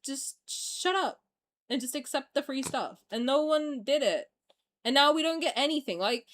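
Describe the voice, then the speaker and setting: A young woman streamer ranting in a heated, profane, exasperated way during a casual reaction video. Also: high-pitched.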